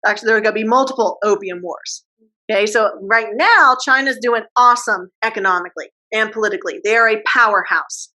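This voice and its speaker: A woman history teacher giving a casual classroom lecture, posing quick questions and using slang. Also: fairly high pitch, sharp tone, rough recording.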